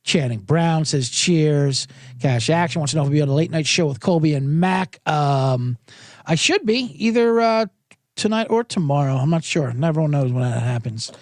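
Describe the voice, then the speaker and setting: This man's voice sits slightly high and sounds animated, moving at an ordinary speed over clean studio audio without room sound. As host of a laid-back sports betting podcast, he chats like on a livestream, wandering off topic, cursing, and interrupting his own sentences.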